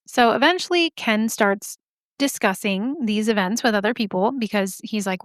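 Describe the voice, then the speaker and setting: A woman's voice: medium pitch, moderate pace, fairly bright tone, clear, resonant tone, no room sound, studio quality. A woman hosting a podcast, telling a story casually with joking asides and lots of "like". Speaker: podcast host.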